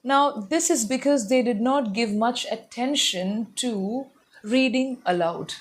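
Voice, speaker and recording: A young adult woman giving an online English pronunciation lesson, patiently explaining and repeating each word slowly to model it. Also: fairly high pitch.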